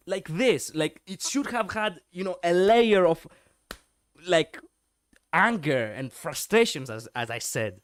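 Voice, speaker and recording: A man streams his reaction to a story video, talking in loose, rambling bursts full of fillers and a curse here and there. His voice is smooth and sits a little high for a man. The sound is dry and close, with no room around it. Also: very animated, slow, no room sound. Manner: rambling, many fillers, swears freely. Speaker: streamer reviewing lore videos. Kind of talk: casual reaction commentary.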